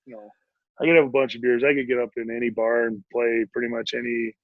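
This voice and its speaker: A man's voice: mid-range voice, fast, dry recording. Rambling male storyteller, dull dry audio. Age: 40s. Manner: rambling, animated storyteller with many fillers. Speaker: podcast guest, retired hockey player. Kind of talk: casual storytelling in an interview.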